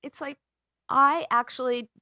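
Female advice host, expressive, acts out quotes, slightly high voice, dry muffled sound. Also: measured pace, no echo. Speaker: host and counselor. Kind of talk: advice call-in chat.

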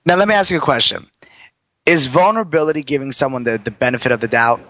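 A man's voice: mid-range voice, fast talker, bright, forceful tone, no room sound, muffled recording. A man hosting a casual talk show, chatty and rambling, swearing now and then. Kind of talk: casual chat. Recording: noticeable background noise.

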